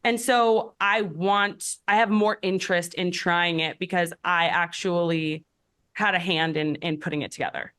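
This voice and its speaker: A woman's voice: on the low side, a little slow, clean tone. Candid woman health coach, chatty and reflective. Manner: candid and reflective, many "like" fillers, animated when telling stories. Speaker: podcast host, health coach. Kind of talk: casual conversational podcast answers.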